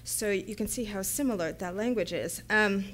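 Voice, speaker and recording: A woman art professor giving a conference talk in a lecture hall, speaking quickly and hesitantly with many filler words. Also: mid-range voice, a little hiss or hum.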